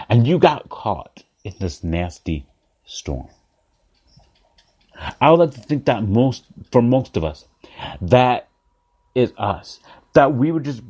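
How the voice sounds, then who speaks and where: A man preaching a sermon, retelling a story in a lively way, repeating phrases and putting questions to his listeners. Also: medium pitch.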